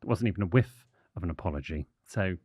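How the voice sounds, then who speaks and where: A man's voice: low voice, lively intonation, fast talker, darkish tone, slightly rough, no room sound, studio quality. An English man co-hosting a casual podcast, reading listener letters aloud in an arch, mock-prim manner. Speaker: podcast co-host.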